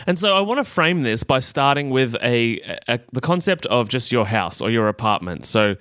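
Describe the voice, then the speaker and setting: A man's voice: mid-range voice, a bit bright, clean tone, no room sound, clean studio sound. A young Australian man hosting a solo health podcast, talking in a chatty, upbeat and self-amused way with plenty of fillers. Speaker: podcast host.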